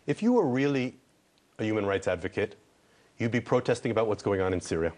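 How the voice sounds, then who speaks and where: A man from Israel speaks as an ambassador in a television interview, with a voice of middling pitch. He answers earnestly and repeats words as he presses his case. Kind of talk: TV news interview.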